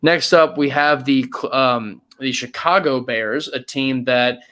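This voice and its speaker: A young man co-hosting a casual sports podcast, hesitant and hedging, sometimes drawing words out and sometimes rushing. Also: medium pitch, fairly bright tone. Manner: hesitant, hedging, pace swings from drawn-out to quick. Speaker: podcast co-host.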